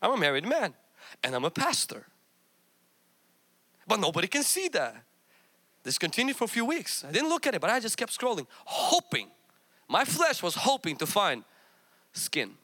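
Bright, high-voiced male pastor preaching. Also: huge pitch swings, moderate pace, long pauses, breathy edge. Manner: candid storytelling with self-mocking humor, rising to fervent preaching. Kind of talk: sermon.

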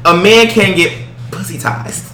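A man's voice: high-pitched, unhurried, reverberant, heavy background noise. A man chatting casually in a group discussion, blunt and crude, laughing often as he talks. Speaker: discussion panelist.

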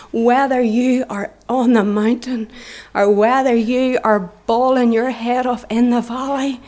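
A woman's voice: fairly high pitch, fairly even intonation, a little slow, hardly any pauses, a little mellow. A middle-aged woman with a Northern Irish accent gives an earnest, impassioned church testimony, sometimes dropping into a whisper. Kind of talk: preaching testimony.

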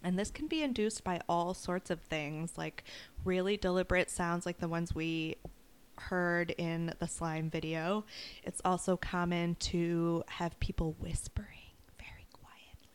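A woman co-hosting a podcast in casual chat, describing things slowly and deliberately. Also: fairly low pitch, fairly even intonation, smooth. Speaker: podcast co-host.

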